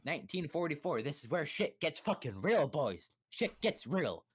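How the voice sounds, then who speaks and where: A man's voice: on the high side, very animated, moderate pace, husky. A young man casually explaining history on a livestream, swearing and cracking crude jokes. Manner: crude, joking, profane.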